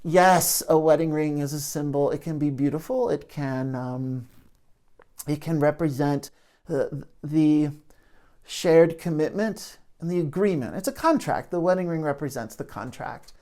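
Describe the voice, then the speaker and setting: A man's voice: fairly high pitch, a little slow, dark tone. A man speaking as a therapist in an educational talk to camera, reflective and searching for his words as he goes.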